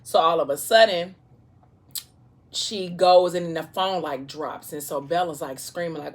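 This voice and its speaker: Woman vlogger with a lowish voice, chatty and animated storyteller. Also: unhurried. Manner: chatty, animated plot retelling with asides. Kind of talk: casual storytelling during a mukbang.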